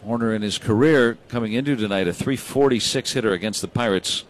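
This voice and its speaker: A man calling baseball play by play, brisk and rising when big plays happen. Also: lowish voice, a little hiss or hum. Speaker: play-by-play announcer.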